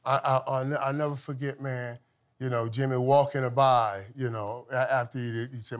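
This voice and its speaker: A man telling stories as a guest, animated and laughing, swinging from loud outbursts to hushed tones. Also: medium pitch, normal speed. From from Saint Thomas. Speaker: guest, former football player. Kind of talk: casual storytelling.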